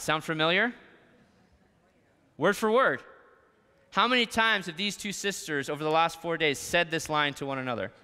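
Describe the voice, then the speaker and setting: A man preaching a sermon as a pastor, moving between quiet, tender lines and emphatic ones. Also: fairly high pitch, moderate pace, pauses often, clear, resonant tone, big-room sound. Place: church sanctuary.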